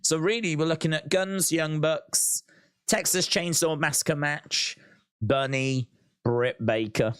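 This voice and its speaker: A man's voice: fairly high pitch, slow pace, fairly bright tone, smooth, dry recording, clean studio sound. A man hosting a live wrestling watch-along, chatting casually and reading out viewer comments. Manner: chatty, reads out viewer comments, laughs often.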